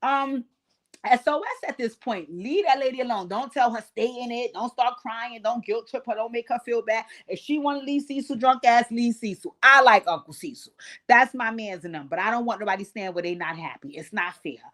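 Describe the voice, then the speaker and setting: A woman's voice: a little high, brisk. A woman in her forties giving a casual, sassy and blunt recap of reality TV as a channel host, cursing freely and addressing her viewers directly. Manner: sassy, blunt, profane, animated asides.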